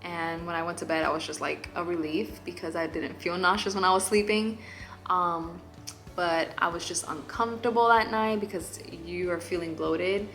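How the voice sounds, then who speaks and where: A woman's voice: fairly low pitch, fairly even intonation, moderate pace, fairly bright tone. A young woman, chatting candidly to her vlog viewers with lots of fillers. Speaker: vlogger. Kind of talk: casual chat.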